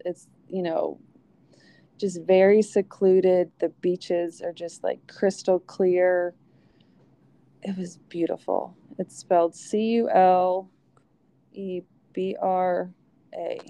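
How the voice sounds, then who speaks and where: Low, slow, gravelly-voiced woman. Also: no room sound. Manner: relaxed, trailing off with many fillers. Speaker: podcast guest. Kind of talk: casual interview chat.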